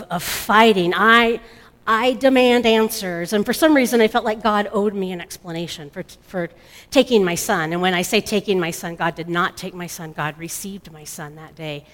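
Halting woman telling a testimony. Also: mid-range voice. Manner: emotional, halting, with many restarts. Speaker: grieving mother giving a testimony. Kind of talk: personal testimony. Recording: long hall reverb.

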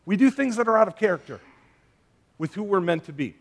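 Higher-voiced man preaching conversationally. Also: lively intonation, brisk. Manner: conversational, chatty with fillers and asides; tells family stories with humor. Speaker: pastor. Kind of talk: sermon.

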